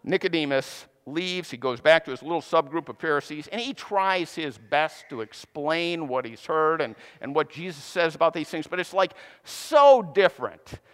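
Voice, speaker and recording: A man's voice: a little high, expressive, moderate pace, few pauses, fairly bright tone, clean tone. A man preaching a sermon, retelling a scripture story in a casual, conversational way with playful asides. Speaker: pastor. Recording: long hall reverb.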